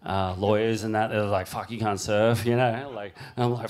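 A man's voice: on the low side, brisk, few pauses, crowd noise. Middle-aged male surfer guest, casual, swears freely, acts out quotes. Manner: swears constantly, acts out quotes with rising animated voice. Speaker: guest big-wave surfer. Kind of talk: casual storytelling in a podcast chat.

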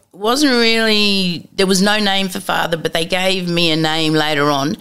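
A woman's voice: lowish voice, smooth. A middle-aged woman telling candid stories as an interview guest, bluntly and with acted-out dialogue. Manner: blunt and lively, acts out dialogue, casual swearing.

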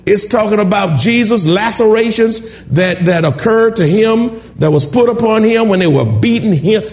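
A man preaching a sermon, calling out questions to the congregation and building up to shouts. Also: high voice, expressive, moderate pace, faint music behind. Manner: call-and-response preaching, rising to shouts. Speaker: pastor.

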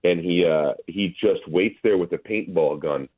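A man appearing as a guest on a talk show, speaking haltingly with many fillers and restarts. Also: sits low, husky. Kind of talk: casual chat. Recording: tinny phone line.

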